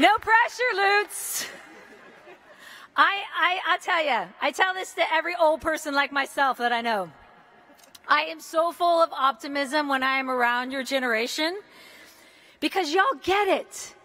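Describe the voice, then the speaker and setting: A woman in her fifties from the United States gives a commencement speech in a large indoor arena, talking in an energetic, casual and joking way, with mild swearing. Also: high-pitched, moderate pace, a faint crowd. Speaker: commencement speaker.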